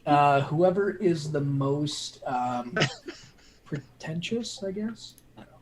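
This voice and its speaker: A man running a tabletop game as game master, relaxed and laughing often. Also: fairly high pitch, slow pace, noisy background.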